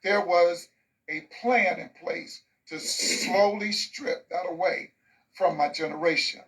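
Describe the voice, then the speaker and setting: A man's voice: high voice, takes it slowly, fairly bright tone, far from the mic, low-quality recording. A man in his sixties, an author telling stories in an interview, emphatic and fond of rhythmic lists. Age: 60s. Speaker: author and guest. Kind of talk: interview storytelling.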